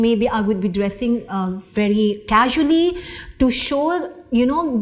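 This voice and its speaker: A middle-aged woman giving a recorded lecture, slow and deliberate, with many fillers and restarts. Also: on the high side.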